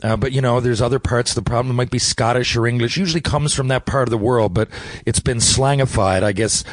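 A man's voice: mid-range voice, steady tone, brisk, no echo. A middle-aged man from Newfoundland with a Newfoundland accent, a guest telling stories in a loose, rambling way with many restarts, talking remotely from his home. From Newfoundland, Canada. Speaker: actor, guest. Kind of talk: casual interview chat. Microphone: remote interview from home.

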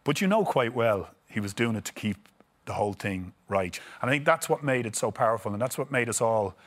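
Irish male guest, middle-aged, animated casual storyteller. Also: medium pitch, brisk. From Ireland. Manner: animated, chuckling anecdotes. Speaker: guest, former footballer.

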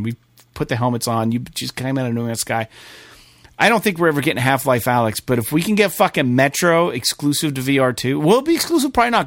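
A man co-hosting a gaming podcast, talking casually and excitedly, swearing often and rambling. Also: medium pitch, dry recording, studio quality. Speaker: podcast co-host.

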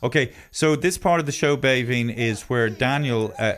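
A middle-aged man with an Irish accent, hosting a casual chat, teasing and jokey, often bursting up loudly. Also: medium pitch, normal speed. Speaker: podcast host.

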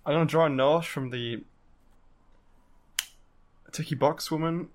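A man's voice: fairly high pitch, unhurried. A man playing a tabletop game, talking casually and unsurely, often trailing off. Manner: unsure, hesitant, laughing often. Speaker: player.

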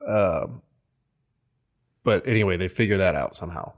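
A man co-hosting a podcast, recapping a movie in casual chat with a meandering, halting delivery full of ums and restarts. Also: deep voice, lively intonation. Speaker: podcast co-host.

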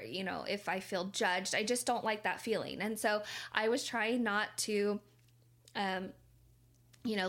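A woman's voice: medium pitch, a bit bright. A woman in her thirties, a mother, casually and earnestly telling a personal story with many fillers and asides.

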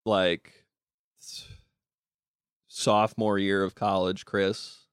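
A man's voice: low-pitched, flat delivery, drawn-out words, smooth, dry recording, clean studio sound. A young man, a comedian, talking in a loose, rambling casual conversation full of "like" and restarts. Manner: loose and rambling, heavy use of "like". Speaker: comedian and podcast guest.

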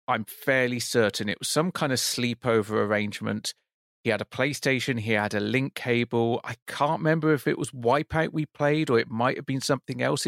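British man, wry casual podcast chat, dry close mic, middle pitch. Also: gravelly, fairly bright tone, dry recording. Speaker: podcast co-host.

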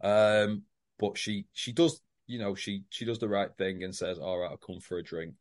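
A man's voice: on the low side, steady tone, normal speed. A man, co-hosting a casual podcast and giving his opinions on a soap, with plenty of swearing. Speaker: podcast co-host. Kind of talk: casual recap chat.

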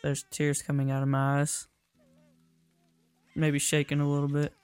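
A man playing a tabletop game, reacting calmly to the story. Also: fairly high pitch, a little slow, smooth. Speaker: player.

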